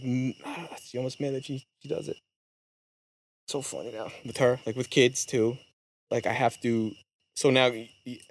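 A man's voice: lowish voice, a little hiss or hum. A young man, a podcast co-host, ranting profanely in casual comedic chat. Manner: rapid, profane, animated ranting.

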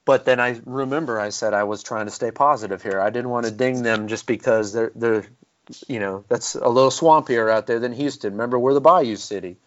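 A man's voice: medium pitch, a little fast, highs cut off. A man chatting casually as a podcast guest, polite and easygoing. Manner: polite, easygoing, says "yes, sir" often.

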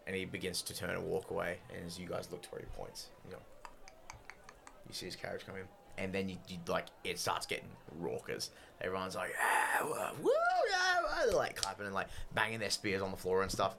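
Game master, male, low and gravelly, casual tabletop narration, faint hiss. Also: flat delivery, fast, a bit bright.

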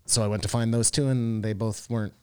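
A man co-hosting a casual podcast, telling stories in a rambling way that trails off quietly. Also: on the low side, fairly even intonation, fast, smooth, no echo. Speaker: podcast co-host.

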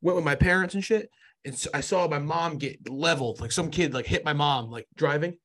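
A man's voice: on the high side, fairly quick, a bit bright. A young man telling a brash, profane story in casual podcast chat. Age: young adult.

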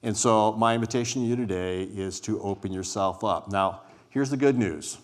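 Guy with a lowish voice preaching to a church crowd, chatty and inviting, acts out bible scenes. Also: moderate pace. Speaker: guest preacher. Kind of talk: sermon. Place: church hall before a live congregation.

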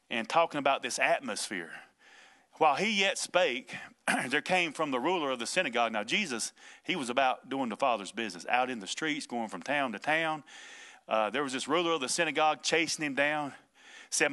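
A man's voice: medium pitch, bright, forceful tone. A man preaching a casual podcast sermon as pastor, folksy and emphatic, with plain vernacular and chuckles between points.

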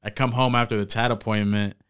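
A man's voice: on the low side, brisk, smooth. Podcast co-host, man, twenties, resonant voice, laughs a lot, loose and profane. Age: 20s. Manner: laughs often, swears, animated storytelling. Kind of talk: casual chat.

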